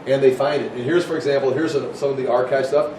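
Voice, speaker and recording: Quick and slightly mellow, with fairly even intonation, a Bible teacher lectures informally on Bible history from far from the microphone. He restarts often, keeps it conversational, and acts out quoted voices, while the room echoes with a faint rumble.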